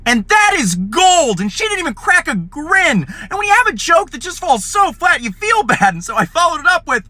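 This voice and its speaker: A young man telling comedic personal stories in an animated, playful way, jumping into high squeaky voices for quotes. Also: moderate pace, few pauses, dry recording. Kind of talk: storytelling comedy clips.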